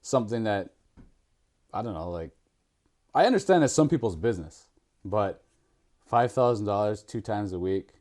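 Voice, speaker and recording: A man's voice: lowish voice, expressive, moderate pace, pauses often, darkish tone. A man hosting a podcast, chatting casually and rambling with frequent laughs. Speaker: podcast host. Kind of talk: casual chat.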